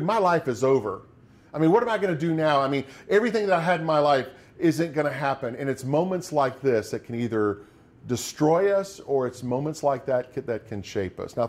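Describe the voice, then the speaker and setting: Middle-aged pastor guy, kinda high voice, chatty sermon, acts out the quotes. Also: darkish tone. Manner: conversational preaching, acts out quoted despair.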